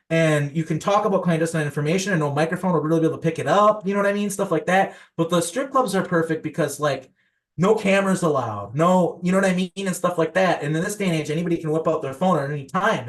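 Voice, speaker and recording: Young male podcast guest, rambling storyteller, slightly higher pitch, loose casual delivery. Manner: rambling, filler-heavy, many restarts.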